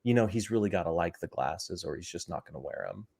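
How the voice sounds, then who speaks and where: A man's voice: lowish voice, lively intonation, moderate pace, close to an everyday voice. A man quoting an overly friendly middle-aged saleswoman, in his own voice with a sugary, pushy lilt. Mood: confiding.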